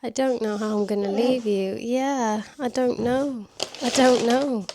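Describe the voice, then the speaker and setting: A woman talks slowly and unhurriedly from her living room, her voice sitting a little high. She chats in a self-deprecating way, laughs often, and drops into soft baby talk when she turns to her dog. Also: steady tone, background noise. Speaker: vlogger. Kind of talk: casual vlog chat. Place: home living room, indoors.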